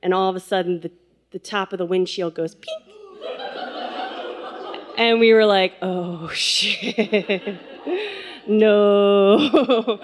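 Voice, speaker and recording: A woman casually telling a funny personal story, animated, laughing and acting out quotes. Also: mid-range voice.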